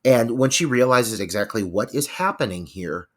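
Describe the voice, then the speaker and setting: A man's voice: mid-range voice, lively intonation, moderate pace. A man co-hosting a horror film podcast, talking casually and emphatically, with frequent swearing and strong enthusiasm. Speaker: podcast co-host.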